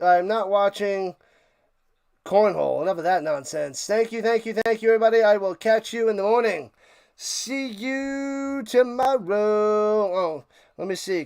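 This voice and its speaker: Excited high-voiced man streamer. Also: gravelly, clean tone. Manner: excited, rambling, repeats himself. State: out of breath. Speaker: live stream host. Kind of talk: casual sign-off chat to live stream viewers.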